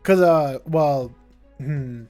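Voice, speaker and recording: A man's voice: fairly high pitch, extremely slow, a little mellow, faint music behind. Young American guy rambling on stream. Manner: rambling, says "like" a lot, self-mocking. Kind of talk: casual live-stream chat.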